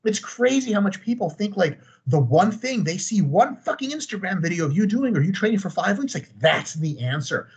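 Podcast guest, thirties, male: husky, very expressive, swearing freely. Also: high-pitched, fairly quick, few pauses. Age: 30s. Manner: animated, profane, ranting with humor. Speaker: podcast guest, training expert. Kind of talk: casual chat.

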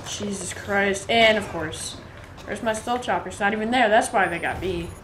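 A woman giving live gameplay commentary, excitable and swearing often, with sudden yelps when in danger. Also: mid-range voice, moderate pace, background noise. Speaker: gaming channel host. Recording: loud game gunfire over voice. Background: game gunfire and explosions.

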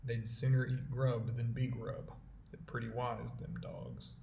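A man's voice: mid-range voice, little pitch movement, a little slow, gravelly, warm tone, slight background noise. A man reading the part of Henry, a practical frontiersman who answers in short, dry, blunt dialect. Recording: roomy echo.

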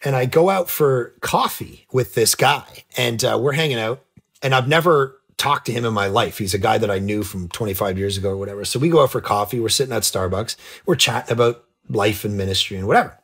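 A man in his forties, a pastor and author guest, telling stories in lively conversation and acting out the people in them. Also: mid-range voice, fairly quick, slightly rough. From Canada. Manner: lively, acts out voices in anecdotes. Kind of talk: animated storytelling in conversation.

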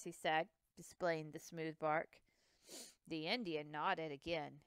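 A woman reading a children's chapter book aloud, expressive, with occasional slips and restarts. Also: deep voice, takes it slowly, smooth, dry recording. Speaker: reader. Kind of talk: storybook read-aloud.

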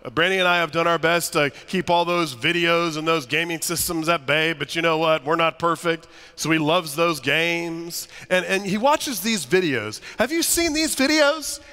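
A man delivers a sermon in a high, sharp-edged voice, weaving funny stories into his teaching. He speaks to a congregation in a church with a long, ringing reverb. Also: moderate pace, hardly any pauses, clean tone. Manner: animated, humorous storytelling to a congregation. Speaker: pastor. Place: church sanctuary.

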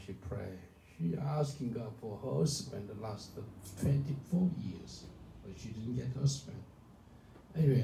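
A male pastor preaching a sermon, emphatic and animated, often asking the congregation whether they understand. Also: mid-range voice, gravelly. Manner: animated, emphatic, calls for responses. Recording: echoey room from far off, faint noise.

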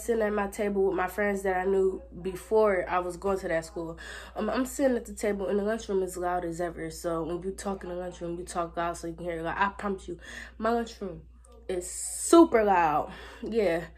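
A teenage girl, telling a school story to her viewers in a sassy, animated way. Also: medium pitch. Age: teens. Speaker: vlogger. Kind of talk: casual storytime vlog.

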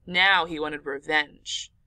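A woman narrating an audiobook in an expressive, dramatic storytelling manner. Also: low-pitched, slow, no room sound.

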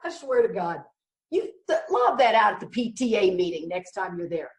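A woman's voice: medium pitch, very animated, measured pace, long pauses, distant mic. A middle-aged woman talks frankly about recovery, driving her points home with blunt emphasis and dry humor. She sounds set back from the microphone, and the room around her rings with echo. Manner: emphatic, blunt and wryly joking. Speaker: recovery meeting speaker. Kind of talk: candid recovery talk. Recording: echoey room, voice from the mic.

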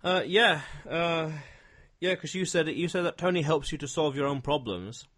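A man's voice: fairly high pitch, normal speed, a bit bright. A man, hosting a podcast interview and explaining his ideas step by step in a reflective way. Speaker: podcast host. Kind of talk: conversational interview.

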